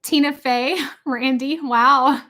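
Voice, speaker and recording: A middle-aged woman chatting on a home livestream, animated and joking, her voice sitting a little high and sounding bright and forceful. She keeps breaking into silly voices mid-story. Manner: animated and jokey, quick to slip into funny voices. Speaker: livestream host. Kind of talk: casual livestream chat.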